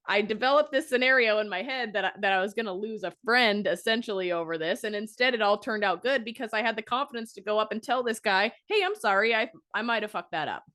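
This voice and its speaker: A woman hosting a podcast who tells a long story in a casual, rambling way, frank and swearing, lively when she quotes people. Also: medium pitch, fast, hardly any pauses. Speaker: podcast host and fitness coach.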